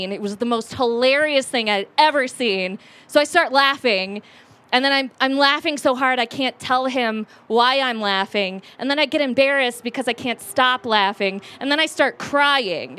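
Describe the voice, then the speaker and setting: A woman's voice: a little high, sharp tone. A woman in her late twenties telling a rambling, self-mocking personal story at a live storytelling event, with many fillers and restarts.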